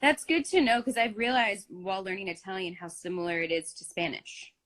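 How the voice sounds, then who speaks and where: A woman's voice: medium pitch, a little fast, a bit bright. A woman hosting a casual live chat, talking eagerly with lots of fillers and asking questions. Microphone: phone on a live video stream.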